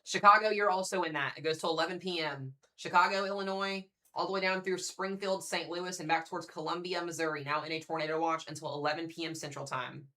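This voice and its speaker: Talking fast with hardly any pauses, a young man hosts a live severe weather stream in a fairly high, steady voice that is pushed and bright. He reads the radar while thinking aloud and casually calls out to viewers.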